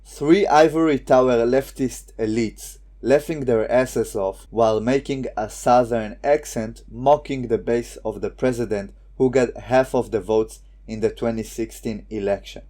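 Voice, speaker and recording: Mellow-voiced man, scornful commentator. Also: mid-range voice, a little slow, few pauses. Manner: sarcastic, scornful. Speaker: political commentator. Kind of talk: scripted online commentary.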